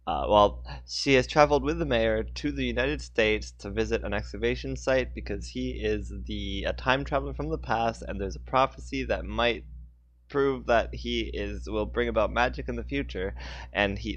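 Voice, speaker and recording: A man's voice: fairly low pitch, normal speed, a bit bright, dry recording, dull audio. A man reading his own story aloud on a live stream, with casual asides and self-corrections. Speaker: author reading his book.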